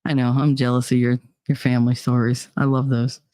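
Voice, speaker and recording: A woman's voice: extremely low pitch, level tone, brisk, mellow, no room sound. Blunt, candid woman chatting on a live stream. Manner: candid, blunt and profane, with wry humor. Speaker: live-stream host reading viewer chat. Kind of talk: casual live-stream chat.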